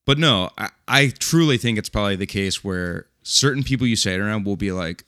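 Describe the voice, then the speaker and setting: Casting: male podcast co-host, low bright voice with big pitch swings, dry mic. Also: lively intonation, fairly quick, dry recording. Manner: loose, joking, swings pitch widely. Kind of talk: casual chat.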